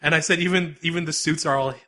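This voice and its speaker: A man's voice: on the high side, steady tone, fast, bright, forceful tone. A man around thirty, co-hosting a podcast in casual chat, teasing and laughing often. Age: 30s. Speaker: podcast co-host.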